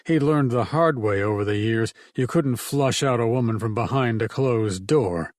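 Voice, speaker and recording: A man reading an audiobook in a steady, measured narration. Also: mid-range voice, dry recording, clean studio sound. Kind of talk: scripted narration.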